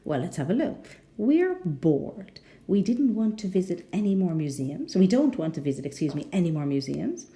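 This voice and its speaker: A woman's voice: fairly low pitch, very animated, normal speed, warm tone. A woman with a rhotic English accent teaching a pronunciation lesson, patient and often checking in with the learners.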